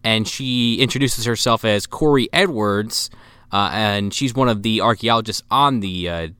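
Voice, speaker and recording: A man's voice: fairly low pitch, moderate pace, pushed and bright, clear, resonant tone, no echo. A man casually recapping a movie plot on a podcast, laid-back and profane. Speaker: podcast co-host.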